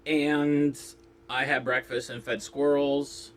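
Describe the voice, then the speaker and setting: A man rambling through a jokey casual monologue, coughing often and breaking into sudden loud outbursts. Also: medium pitch, a little slow. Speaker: vlogger. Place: Los Angeles.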